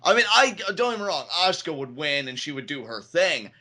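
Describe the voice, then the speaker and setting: A man co-hosting a wrestling podcast in casual chat, animated and quick to act out quotes in a higher voice. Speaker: podcast co-host.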